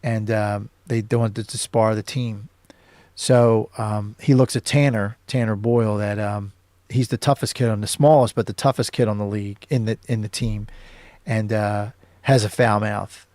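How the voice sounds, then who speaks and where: A man's voice: lowish voice, steady tone, moderate pace, a little mellow, no echo. A man hosting his own show, casually recapping a film scene by scene, with many ums and uhs. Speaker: show host.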